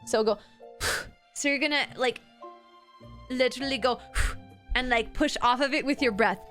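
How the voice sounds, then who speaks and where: A woman streamer giving a casual, rambling voice acting lesson to her chat, often dropping her voice low to demonstrate. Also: measured pace, bright, forceful tone, soft background music.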